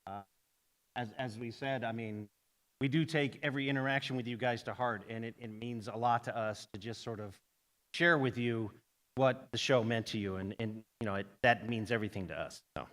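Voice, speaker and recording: A man speaking earnestly as a panel guest, pausing often with fillers. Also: medium pitch, fairly bright tone. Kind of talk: convention panel talk. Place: convention hall stage.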